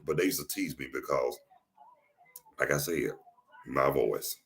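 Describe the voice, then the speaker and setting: A man with a deep voice and a Southern US accent, hosting a casual podcast chat and telling jokey stories, often restarting his phrases. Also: a little slow, a bit bright. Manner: joking storyteller, repeats and restarts phrases. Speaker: podcast host.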